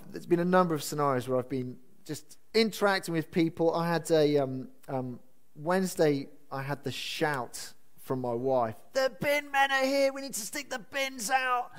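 A man preaching a sermon as pastor, earnest, asking his congregation questions and repeating key phrases for emphasis. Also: fairly high pitch. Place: church building.

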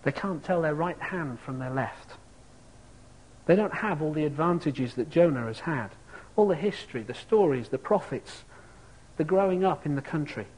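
A man's voice: on the high side, animated, normal speed, darkish tone, slightly rough, poor audio. A man preaching a sermon, reflective and asking his listeners rhetorical questions.

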